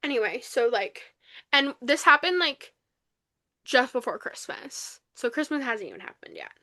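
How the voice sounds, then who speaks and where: Animated young woman recapping a book. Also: sits high, moderate pace, dry recording. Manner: animated retelling, acts out quotes, many fillers. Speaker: podcast co-host. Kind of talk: casual book review chat.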